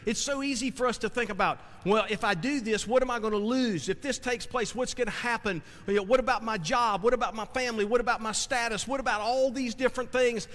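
Earnest male pastor, high voice, reverberant hall. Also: a bit bright. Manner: earnest, repetitive, with frequent restarts and rhetorical questions. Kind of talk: sermon.

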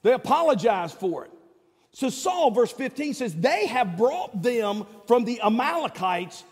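A man's voice: very high-pitched, sing-song, a little slow, breathy edge, long reverb tail. A man preaching a sermon in a conversational way, quizzing the congregation with questions and touches of sarcasm.

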